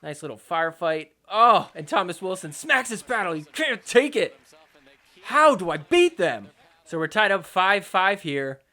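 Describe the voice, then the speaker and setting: Young male sports podcast host; high, bright tone; excitable, joking recap with mock outrage. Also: moderate pace, few pauses. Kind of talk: casual sports recap commentary.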